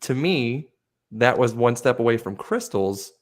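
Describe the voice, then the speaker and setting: A man's voice: mid-range voice, unhurried. A man co-hosting a comedy podcast, swearing freely and acting out the voices in his stories. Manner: animated storyteller, acts out voices in anecdotes. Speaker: podcast co-host. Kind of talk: crude comedic banter.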